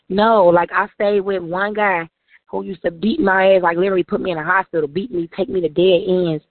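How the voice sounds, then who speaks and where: Low-pitched and steady, this woman talks briskly, her dry audio coming through a tinny line that sounds like a phone. As an author and interview guest, she tells her life story emotionally, her sentences running together and full of "like."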